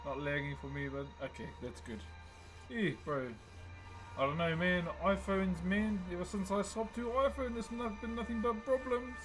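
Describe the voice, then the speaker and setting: Young New Zealand-accented man, relaxed stream host, slightly high voice, faint music behind. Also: moderate pace, low-quality recording. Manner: laid-back, greets chat viewers by name. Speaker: livestream host. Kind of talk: casual livestream chat while wood carving.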